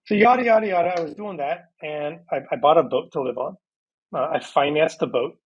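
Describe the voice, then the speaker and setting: A man in his thirties, a podcast guest on a video call, telling his story in a lively, casual way and acting out past conversations. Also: a little high, fairly quick, husky, lo-fi sound.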